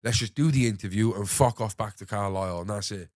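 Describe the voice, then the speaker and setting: A young man hosting a podcast, telling an animated story full of swearing and acting out what others said. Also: on the low side, quick pace, no room sound, clean studio sound. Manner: animated anecdote-telling, swears freely, acts out others' lines. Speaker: podcast host. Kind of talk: casual storytelling chat.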